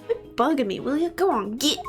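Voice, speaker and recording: A woman's voice: sits high, sing-song, a little fast, over music, pitched above the performer's own voice. A woman voicing a brash female photographer in a drawling, folksy Southern US accent, in a video game read-along. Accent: Southern US put-on.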